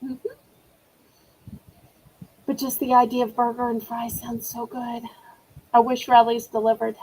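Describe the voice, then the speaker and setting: A woman's voice: fairly high pitch, monotone, measured pace, mellow, slight background noise, low-quality recording. A middle-aged woman hosting a live online auction, chatting in a rambling, apologetic way. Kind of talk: live-stream selling chat.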